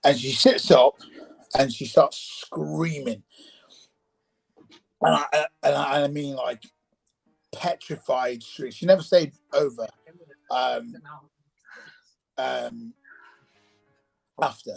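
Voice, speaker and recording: A man casually telling a personal ghost story, animated and acting out the voices in it, with faint music behind. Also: mid-range voice, slow pace, creaky, long pauses, breathy edge, low-quality recording.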